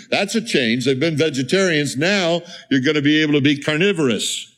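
A man's voice: on the high side, brisk, hardly any pauses, a bit bright. A middle-aged male pastor preaching a sermon in a conversational way, with rhetorical questions and asides to the congregation.

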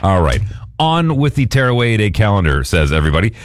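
Chatty radio host. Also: male voice, lowish voice, big pitch swings, dry recording, studio quality. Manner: chatty, joking, quick asides. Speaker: radio morning show host. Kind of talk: casual radio banter. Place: radio studio.

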